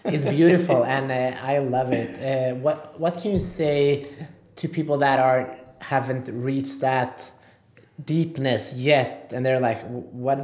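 A male podcast host asking relaxed, hesitant questions and laughing often. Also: medium pitch, takes it slowly, reverberant. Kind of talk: casual interview.

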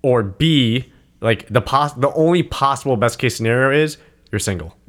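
A young man in the middle of a loose podcast chat, spinning long rambling anecdotes. His voice sits at an ordinary male pitch. He breaks into little impressions of the people he is quoting. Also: lively intonation, moderate pace. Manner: rambling storyteller who acts out quoted voices. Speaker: podcast co-host.

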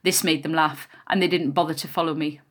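A woman's voice: deep voice, fairly even intonation, brisk. Woman reading a memoir aloud. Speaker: narrator. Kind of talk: first-person memoir reading.

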